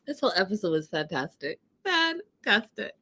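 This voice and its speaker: A woman's voice: mid-range voice, big pitch swings, normal speed, pushed and bright. A woman hosting a reality TV recap show, chatting casually and animatedly, laughing often and calling her viewers y'all.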